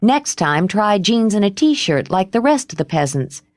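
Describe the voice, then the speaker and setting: A woman's voice: mid-range voice, sing-song, a little mellow, no room sound, studio quality, voice pushed up. Woman doing a blunt, no-nonsense young woman. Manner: brisk, matter-of-fact. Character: blunt, practical young woman, sharp-tongued.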